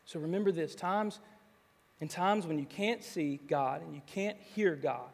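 A man's voice: on the high side, normal speed, gravelly. A man preaching a sermon as pastor, telling homely stories and rising into emphatic, pleading calls to his listeners. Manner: storytelling that swells into emphatic, rising exhortation. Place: church sanctuary. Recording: long reverb of a large hall.

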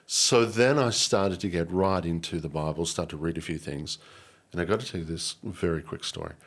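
Husky low-voiced Australian man. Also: normal speed. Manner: earnest and animated, repeats words, many restarts. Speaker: guest. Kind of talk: emotional personal storytelling.

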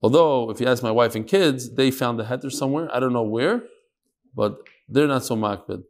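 A man's voice: mid-range voice, brisk. A man teaching an informal Talmud class in a room with listeners, chatty, with joking asides and Hebrew and Yiddish terms.

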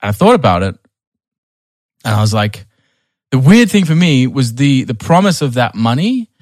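A man's voice: medium pitch, big pitch swings, normal speed, darkish tone, no room sound, clean studio sound. A young man telling a long personal story in a casual podcast chat, with many restarts and fillers. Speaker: podcast guest.

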